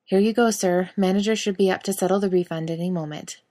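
A woman's voice: lowish voice, fairly even intonation, fast, mellow, natural voice. A woman voicing a worn-out young male barista with strained, forced politeness. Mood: strained polite.

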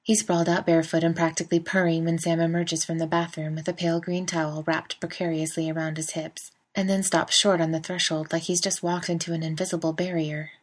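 Woman reading a story in a slightly low voice. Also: flat delivery, a little fast, hardly any pauses. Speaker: reader. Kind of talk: fan fiction audiobook reading.

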